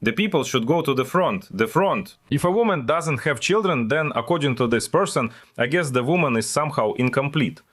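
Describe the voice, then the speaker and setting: A man's voice: mid-range voice, expressive, a little fast, hardly any pauses, a bit bright. A man hosting a casual news commentary channel, delivering updates with wry, sarcastic asides.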